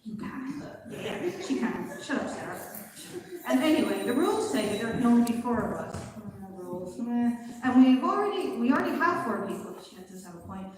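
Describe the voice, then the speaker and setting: A woman's voice: fairly high pitch, big pitch swings, brisk. A woman from Edinburgh, giggly and playful, speaking on a handheld mic at a community meeting. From Edinburgh, Scotland. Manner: giggly, self-interrupting, playful. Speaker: community group member reading a letter. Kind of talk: live speech at a community meeting. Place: large hall at a public meeting. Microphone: handheld microphone. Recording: echoey hall from far, audience noise.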